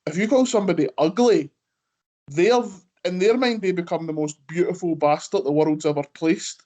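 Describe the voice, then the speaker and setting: A man's voice: fairly high pitch, normal speed, a little mellow. A Scottish man hosting a wrestling podcast, talking in a rambling casual way full of "like" and "aye". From Scotland. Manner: rambling, peppered with "like" and Scots "aye". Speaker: podcast host. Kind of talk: casual chat.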